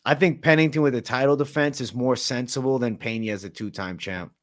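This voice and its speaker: Brief: man, livestream host, relaxed slangy chatter, mid-pitched everyday voice. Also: fairly quick. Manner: slangy, laid-back, chatty. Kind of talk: casual late-night livestream Q&A.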